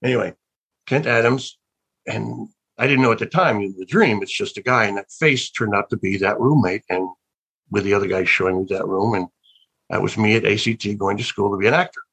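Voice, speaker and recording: A man's voice: on the low side, a little fast, creaky, a bit bright, breathy edge, rough recording. An older man, an actor being interviewed, telling wandering stories with many restarts and a musing, reflective tone. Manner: rambling, with many restarts and trailing thoughts; wondering, reflective. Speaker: actor and guest. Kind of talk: casual interview storytelling.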